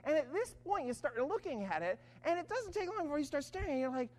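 Very animated Bible teacher in a hall. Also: sits high, fast talker, hardly any pauses. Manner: animated, keeps checking in with listeners; acts out quoted lines. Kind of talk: Bible study talk.

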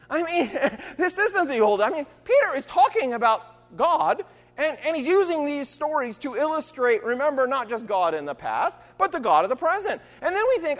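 A lively preacher whose pitch rises and falls widely, working through a passage with rhetorical questions and quick asides. The voice rings out with a long reverb, as in a large sanctuary. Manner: restarts with "I mean". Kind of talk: conversational sermon.

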